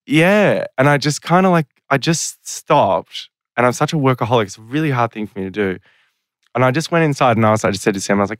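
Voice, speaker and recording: Rambling, lively man. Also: mid-range voice, quick pace, dry recording, clean studio sound. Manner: rambling, self-deprecating storyteller. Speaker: guest. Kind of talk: casual podcast interview.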